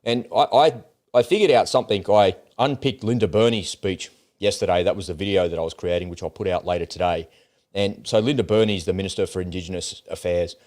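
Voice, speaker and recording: With a low, darkish voice and a brisk pace, this Australian man co-hosting a podcast swears freely as he airs blunt, heated opinions in casual conversation.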